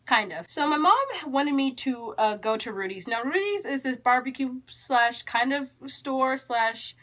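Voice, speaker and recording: High-voiced chatty teenage girl. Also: a little slow. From Texas. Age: teens. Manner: animated, chatty, exasperated. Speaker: YouTuber. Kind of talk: storytime vlog.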